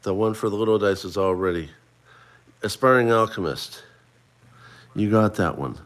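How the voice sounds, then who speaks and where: Middle-aged guy rambling on his livestream, running trivia, voice a bit on the low side. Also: moderate pace, fairly bright tone. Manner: chatty, rambling, addresses viewers by name. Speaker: livestream host.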